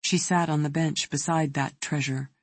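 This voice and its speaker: An audiobook narrator reading a thriller in a measured, even way. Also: medium pitch, no room sound.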